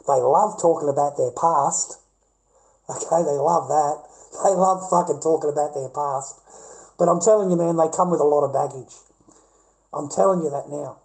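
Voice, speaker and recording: A man's voice: on the high side, moderate pace, a little mellow, poor audio. A middle-aged man with an Australian accent, telling a rambling, repetitive, profane story to camera. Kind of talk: casual rant to camera.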